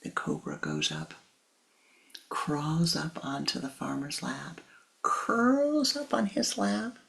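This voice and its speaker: Man, meditation teacher, spiritual talk, very slow, hushed and whispery, gravelly. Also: fairly high pitch, sing-song.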